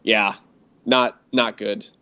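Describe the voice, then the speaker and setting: A man's voice: fairly low pitch, steady tone, slow, sharp tone, clean tone. Man, podcast co-host, dry sarcastic humor, casual sports chat, slightly muffled lo-fi sound. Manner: dry, sarcastic, laughs often. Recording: dull lo-fi sound.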